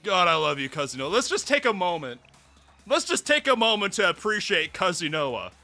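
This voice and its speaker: Male streamer: high, very bright voice, breathless from laughter, swearing, faint music under him. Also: brisk. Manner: excitable, laughs hard and swears. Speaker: VTuber streamer. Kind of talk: live game reaction stream. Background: faint background music.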